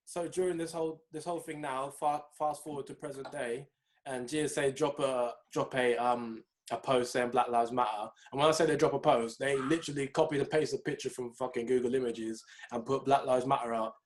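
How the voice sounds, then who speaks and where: A young man, co-hosting a podcast and telling stories in a casual, animated way. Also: medium pitch, a little fast. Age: young adult. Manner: animated storytelling, mimics people in raised voices. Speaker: podcast co-host. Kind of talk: casual chat.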